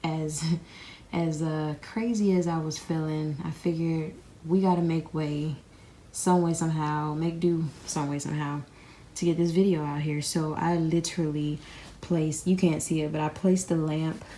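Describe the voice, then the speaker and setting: A woman's voice: low voice, fairly even intonation, unhurried, mellow, a little hiss or hum. A young woman chatting casually to her viewers from her bed, unwell and a bit out of breath, rambling and calling them y'all. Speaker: crystal vlogger. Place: in bed in a bedroom. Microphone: camera sitting on the bed beside her.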